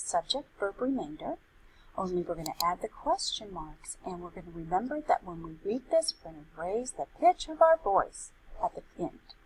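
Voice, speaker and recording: A woman as a Spanish teacher, explaining grammar in a clear, explanatory tone and reading example sentences aloud. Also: lowish voice, a little hiss or hum, low-quality recording. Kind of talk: recorded grammar lesson.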